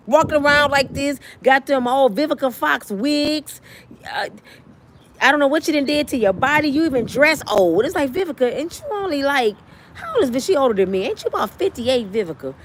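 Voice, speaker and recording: A woman in her fifties giving blunt, animated and profane celebrity gossip commentary on her vlog. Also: sits high, moderate pace, slight background noise. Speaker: vlogger.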